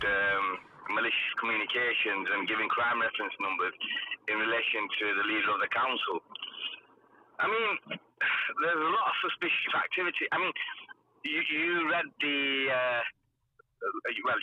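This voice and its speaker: A man calling in by phone, speaking haltingly with many fillers and restarts. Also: medium pitch. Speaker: phone-in caller. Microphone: phone call. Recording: muffled phone line with faint hiss.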